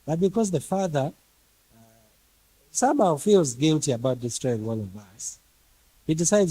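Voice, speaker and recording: A man's voice: on the high side, animated, normal speed, pauses often, mellow, husky, dry recording, poor audio. A man preaching a sermon emphatically, firing rhetorical questions at his congregation and piling up repeated phrases.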